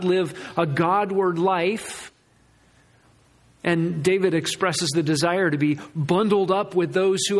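High-voiced man preaching earnestly. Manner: earnest, emphatic preaching with repeated restarts. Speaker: pastor. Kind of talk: sermon.

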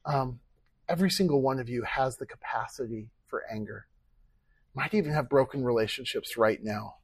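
A man's voice: medium pitch, normal speed, slightly rough, no echo. A man preaching a sermon as pastor, earnest and conversational, with rhetorical questions and acted-out quoted speech.

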